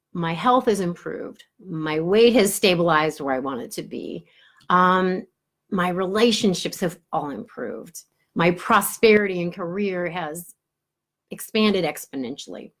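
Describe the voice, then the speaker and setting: A woman spiritual teacher tells a fable and draws a lesson from it. She talks casually, using everyday turns of phrase and fillers. Her voice sits on the low side. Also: animated, unhurried. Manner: casual and conversational, with "he goes" and fillers. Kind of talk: inspirational storytelling talk.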